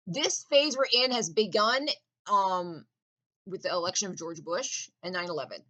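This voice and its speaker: Bright-voiced woman ranting intensely. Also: lowish voice, animated, fairly quick, low-quality recording. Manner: profane, intense, laughing asides. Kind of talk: casual conspiracy rant.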